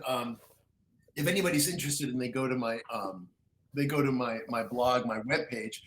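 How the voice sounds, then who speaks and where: A man talking as a guest author in a casual interview, excitable storyteller with frequent restarts who acts out quotes. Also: medium pitch, reverberant, rough recording.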